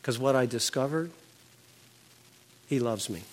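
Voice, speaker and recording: A man's voice: mid-range voice, measured pace. An older man telling an earnest personal faith testimony, his voice climbing when he relives the moment.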